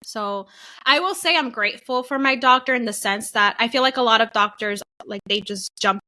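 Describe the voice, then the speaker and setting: A woman's voice: on the high side, normal speed. A young woman co-hosting a podcast, casually telling a personal story and acting out what people said. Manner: animated storytelling, acts out quotes. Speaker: podcast co-host. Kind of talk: casual chat, telling her birth story.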